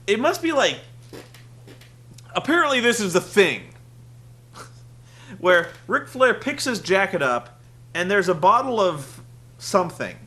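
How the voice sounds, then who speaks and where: A man's voice: high-pitched, sharp tone. A young man hosting a casual wrestling review podcast, sarcastic and rambling, acting out the quotes he recounts.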